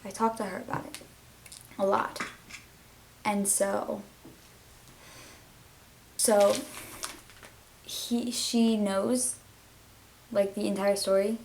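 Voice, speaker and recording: Teen girl rambling into her vlog, lots of likes and ums, kinda heartfelt, normal pitch. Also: level tone, slow pace, gravelly, pauses often, darkish tone, slight background noise, low-quality recording. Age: teens. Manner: rambling, filler-heavy, heartfelt. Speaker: vlogger. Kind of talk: casual confessional vlog.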